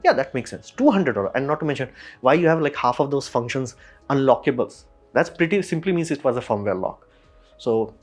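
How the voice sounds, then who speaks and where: Man, ranting tech review, animated, acts out replies, mid-pitched voice. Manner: animated, frustrated, acts out imagined company replies. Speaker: camera reviewer.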